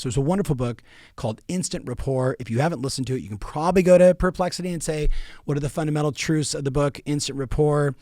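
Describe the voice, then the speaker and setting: A man's voice: a little high, fast, darkish tone, dry recording, clean studio sound. A middle-aged man giving emphatic coaching advice to real estate agents, repeating key phrases for weight. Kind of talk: coaching talk.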